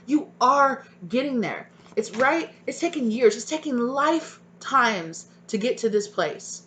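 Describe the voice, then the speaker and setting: A woman's voice: on the high side, lively intonation, a little slow, a bit bright, slight background noise. A woman giving a tarot reading to her viewers, encouraging and emotional, tagging her sentences with "right?" and "okay?". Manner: spiritual, emotional, sometimes near tears. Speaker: tarot reader.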